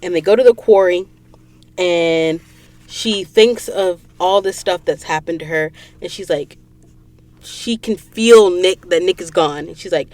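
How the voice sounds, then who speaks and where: A woman's voice: fairly low pitch, a little slow, a little mellow, no echo. A woman hosting a podcast, retelling a novel's events in a chatty, casual storytelling way from a recording booth. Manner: chatty storytelling, lots of "um" and "she's like". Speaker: podcast host. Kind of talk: casual book recap podcast.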